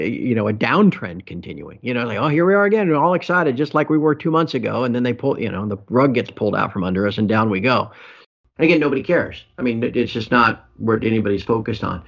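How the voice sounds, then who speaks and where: A middle-aged man who hosts a precious metals site chats casually on his podcast, wry and self-deprecating with a gloomy sense of humor. His voice is mid-range with a fairly bright tone, captured in dull, lo-fi audio.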